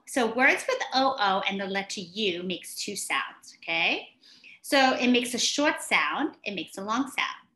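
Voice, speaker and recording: Slow, careful woman teacher in echoey room. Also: medium pitch, expressive, bright, forceful tone. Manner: slow, drawn-out sounding out of vowels. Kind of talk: online English class.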